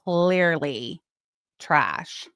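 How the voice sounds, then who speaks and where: A woman's voice: low-pitched, lively intonation, very slow, creaky, a bit bright, clear, resonant tone, no echo, studio quality. A woman co-hosting a live stream, talking casually in a blunt, profane and scornful way. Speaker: co-host of a live commentary stream.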